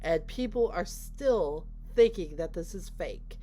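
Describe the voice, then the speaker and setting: A woman's voice: on the low side, expressive, slow pace, warm tone. A woman casually recapping a film scene by scene, chatty and full of "like" as she retells what characters say. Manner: chatty, retells scenes with lots of "like" and quoted dialogue. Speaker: movie reviewer. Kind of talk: casual spoken movie recap.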